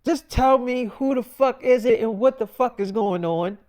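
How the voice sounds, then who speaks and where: A brash young wife who swears and demands answers, as a man puts her on. The voice sits well above his usual talk and gets louder as she presses. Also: a little high, moderate pace, voice pushed up, close to an everyday voice. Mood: outraged. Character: brash, profane young wife, quick to anger.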